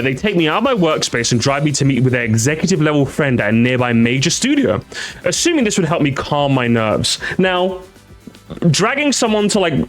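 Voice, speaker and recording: A young man doing casual stream reaction commentary, sarcastic and mocking, often restarting his sentences. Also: a little high.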